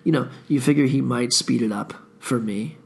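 Gravelly, husky-voiced tired man. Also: mid-range voice, moderate pace, a little mellow. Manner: profane, laid-back storytelling. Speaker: podcast host. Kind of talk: casual rambling monologue.

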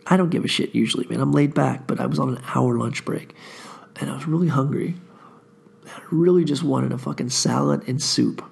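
A man's voice: medium pitch, a little fast, creaky, darkish tone, breathy edge. A tired man hosting a podcast, telling a long story in a laid-back, profane, rambling way. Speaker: podcast host. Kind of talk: casual rambling monologue.

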